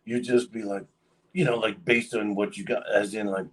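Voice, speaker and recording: A man's voice: lowish voice, steady tone, normal speed, recorded from a distance, low-quality recording. A man casually telling a long story on a livestream, rambling with lots of fillers. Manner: rambling, many fillers, acts out quoted voices.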